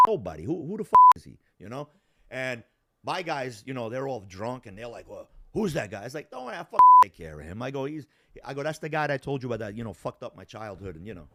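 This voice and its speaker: A man telling a story in casual talk, profane and animated, acting out the voices of the people in it. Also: medium pitch. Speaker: storyteller guest.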